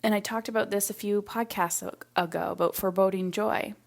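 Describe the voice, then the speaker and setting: A woman's voice: medium pitch, steady tone, a little fast, vocal fry. Chatty woman hosting a podcast. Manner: chatty, reflective, acts out quoted voices. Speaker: podcast host. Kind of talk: casual solo podcast talk.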